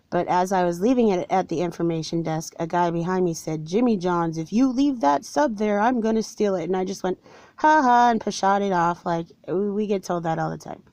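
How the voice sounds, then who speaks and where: A woman's voice: lowish voice, no echo. A forty-year-old woman earnestly telling viewers a personal story of being wronged, with an aggrieved tone. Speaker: vlogger telling her own story. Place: somewhere cold.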